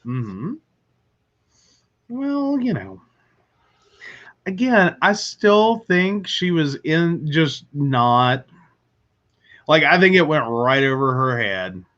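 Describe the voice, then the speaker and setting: A male host with a high voice who talks slowly and rambles, leaning heavily on filler words. The sound is dull and lo-fi. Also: big pitch swings, fairly bright tone. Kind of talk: casual chat.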